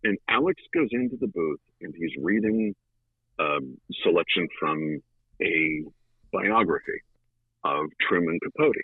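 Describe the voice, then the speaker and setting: A man guesting on an interview show, telling a story in a lively conversational way with dramatic pauses. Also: low voice, creaky, husky, no echo. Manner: animated, with dramatic pauses and fillers. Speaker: guest, audiobook narrator. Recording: tinny phone-like line.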